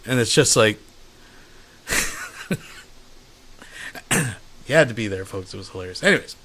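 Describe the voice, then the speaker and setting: A man's voice: fairly low pitch, fast. A man casually telling a funny anecdote, peppering it with swearing. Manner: profane, animated anecdote teller. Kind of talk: casual storytelling.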